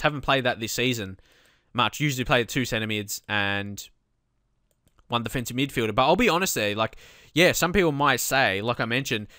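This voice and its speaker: A man commentating on his own football management game, calmly explaining tactics and then shouting when goals go in. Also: mid-range voice, no room sound, clean studio sound. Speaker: let's play host.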